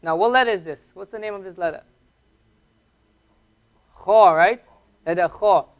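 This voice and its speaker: Teacher, male, high-pitched, patient, drills and repeats sounds slowly in a classroom lesson. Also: phone-quality sound. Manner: slow, patient, repeats each sound clearly. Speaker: Arabic teacher.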